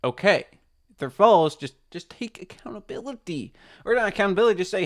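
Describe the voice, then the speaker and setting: A man's voice: sits high, sing-song, fairly quick. Rambling man reacting to a video. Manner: rambling, full of restarts and "like". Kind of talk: casual commentary.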